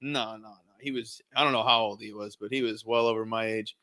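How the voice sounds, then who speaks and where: A man's voice: on the low side, fairly quick. A man co-hosting a podcast, telling a story in a casual chat and laughing through it. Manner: laughs through his stories, excitable. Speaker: podcast co-host.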